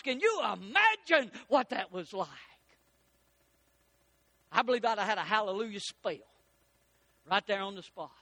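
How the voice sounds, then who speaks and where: A man preaching a folksy sermon, rising to loud peaks and slowing down for emphasis. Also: very high voice, expressive, no room sound. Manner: folksy preaching with dramatic rises and slowed emphasis. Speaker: pastor.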